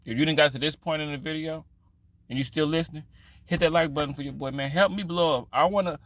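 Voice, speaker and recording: Bright-voiced man telling a rambling story. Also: fairly high pitch, fast, no echo. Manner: loose, profane, rambling with restarts. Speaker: vlogger. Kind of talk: casual storytelling commentary.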